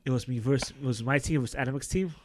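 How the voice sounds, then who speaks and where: A man's voice: medium pitch, very fast, slight background noise. A man, a podcast guest chatting casually, swearing a lot and laughing through his stories. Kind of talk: casual chat.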